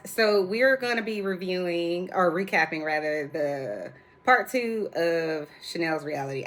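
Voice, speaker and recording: A woman's voice: lowish voice, sharp tone. A woman hosting her own reality TV recap show, talking casually and bluntly to her viewers in slangy, sassy asides from indoors at home.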